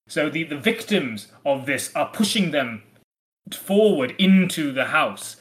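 A man co-hosting a podcast in casual discussion, animated and playfully acting out quoted lines. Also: a little high, measured pace. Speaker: podcast co-host.

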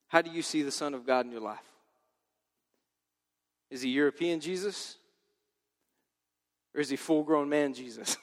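High-voiced joking preacher in a hall. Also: male voice, moderate pace, long pauses. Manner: casual, joking, lively. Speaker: pastor. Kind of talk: sermon.

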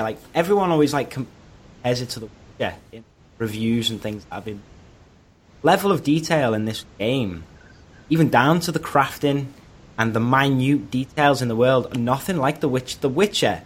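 A man's voice: medium pitch, breathy edge. Chatty man rambling about games. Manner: rambling, filler-heavy storytelling. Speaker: podcast co-host. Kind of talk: casual gaming chat.

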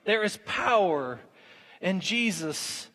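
A man's voice: high voice, very animated, slow pace, sharp tone. A man in his thirties preaching a sermon in a conversational way, acting out little everyday scenes as he goes. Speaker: pastor. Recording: long reverb of a large hall.

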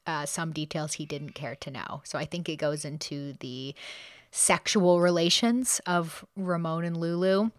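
A woman hosting a podcast, casually retelling a true crime case with quick asides and the odd laugh. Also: deep voice, steady tone, clear, resonant tone, no room sound, clean studio sound. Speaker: podcast host.

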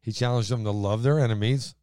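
A man's voice: medium pitch, fairly quick, mellow, clear, resonant tone, dry recording, studio quality. A man hosting a faith talk show, explaining Bible verses in a plainspoken, step-by-step way. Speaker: host and Bible teacher. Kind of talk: casual Bible teaching.

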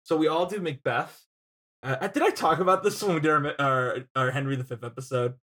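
A man's voice: on the high side, brisk, bright, forceful tone. A young man co-hosting a casual film podcast, telling rambling stories and laughing as he goes. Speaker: podcast co-host.

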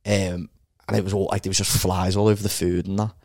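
A man's voice: sits low, little pitch movement, fast talker, darkish tone, no echo. A man co-hosting a podcast, telling rambling stories in casual chat, swearing freely and laughing often. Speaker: podcast co-host.

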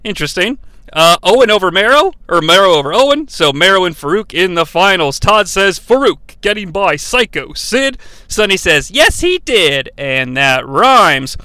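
High bright-voiced male podcast host. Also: expressive, moderate pace, no echo. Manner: wry, chuckling asides to listeners. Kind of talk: casual recap of an old wrestling broadcast.

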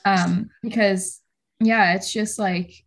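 A woman's voice: medium pitch, fairly even intonation, slow pace. A woman, the podcast interviewer, responding with enthusiasm and reflecting in a casual conversation.

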